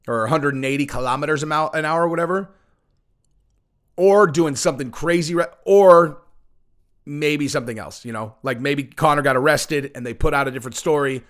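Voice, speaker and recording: A man's voice: fairly high pitch, a bit bright. A middle-aged man giving casual ranting commentary on fighting sports, brash and profane, rambling with lots of fillers. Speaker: MMA commentator, channel host.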